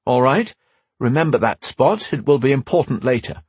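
A man's voice: medium pitch, animated, normal speed, a little mellow, breathy edge, dry recording, pitched above the performer's own voice. A man doing a sardonic weary young man. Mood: sardonic, wry. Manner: dry, sarcastic.

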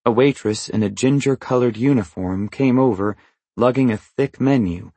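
A man narrating a first-person novel in an even, understated, matter-of-fact way. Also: medium pitch, normal speed, no echo. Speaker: audiobook narrator.

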